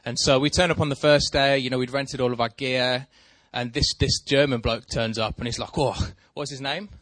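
There's no echo on this man's medium-pitched voice, and he keeps a moderate pace. He rambles through a self-deprecating tale in easygoing chat with his co-host, becoming animated when excited.

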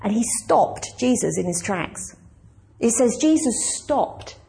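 A woman's voice: a little high, big pitch swings, slow pace, gravelly, dark tone. A woman pastor preaching a conversational, emphatic sermon and asking the congregation questions.

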